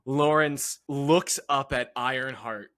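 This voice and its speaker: A man's voice: mid-range voice, slow pace, clean tone, no room sound, clean studio sound. A man playing a tabletop game, narrating his character's actions theatrically. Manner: theatrical, lively exclamations. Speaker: player.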